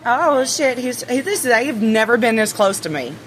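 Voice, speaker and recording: On a handheld phone camera, a woman vlogs casually in her backyard, nervous and swearing as she talks to her chickens. Her voice runs on the high side, sing-song, at a moderate pace.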